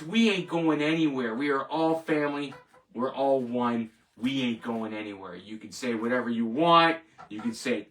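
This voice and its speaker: A male host delivering a defiant, boastful sign-off, repeating his slogans over and over. His voice is high-pitched for a man and sharp-edged. He sounds a little away from the microphone. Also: recorded from a distance. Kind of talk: hyped show sign-off monologue.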